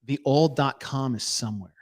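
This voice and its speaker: A man's voice: medium pitch, normal speed. A man co-hosting a podcast, chiming in with short replies and frequent laughs in casual chat. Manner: laughs often, short responses. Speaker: podcast co-host.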